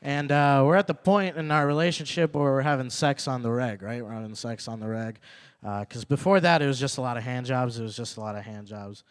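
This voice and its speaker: A man's voice: medium pitch, fairly quick, clear, resonant tone. A young man performing a stand-up comedy set at a small club open mic, telling stories loosely, repeating his lines and acting out quotes.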